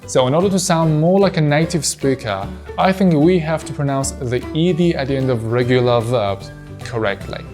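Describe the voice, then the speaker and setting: A man whose first language is Persian, slowly teaching English pronunciation in a scripted lesson and carefully repeating each example word. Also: medium pitch, darkish tone, soft background music. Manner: slow and deliberate, repeating example words.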